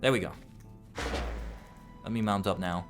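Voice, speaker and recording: Give me a male streamer with an accent who thinks out loud while playing, soft music underneath. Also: low-pitched, a little slow. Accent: non-native English accent. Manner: thinks aloud, rambling and musing. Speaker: VTuber streamer. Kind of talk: casual live-stream gameplay chat.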